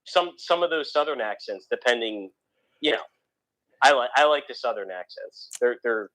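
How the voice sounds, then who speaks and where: A man's voice: mid-range voice, lively intonation, moderate pace, pushed and bright, poor audio. Opinionated East Coast man rambling. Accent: slight Philadelphia. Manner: rambling, restarts often, opinionated. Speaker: podcast co-host. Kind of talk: casual chat.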